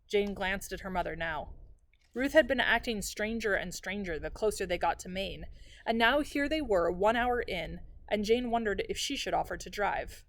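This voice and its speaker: Woman librarian, novel read aloud, mid-pitched voice, measured storytelling. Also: animated, a bit bright.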